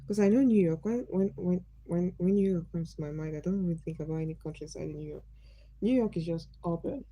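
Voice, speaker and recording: A woman's voice: lowish voice, fairly quick, highs cut off. A Nigerian woman from Nigeria hosting a casual livestream, greeting viewers by name and asking them curious questions. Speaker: livestream host.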